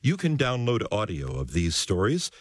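Deep-voiced male announcer, varied intonation, dry recording. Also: huge pitch swings, moderate pace, dry recording. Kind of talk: scripted closing announcement.

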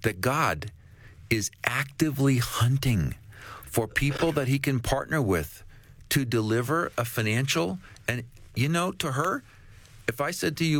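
A guest author on a faith talk show tells a story, his voice rising and falling animatedly. His pitch sits in the middle for a man. The recording is dry and close. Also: lively intonation, measured pace, fairly bright tone, no room sound.

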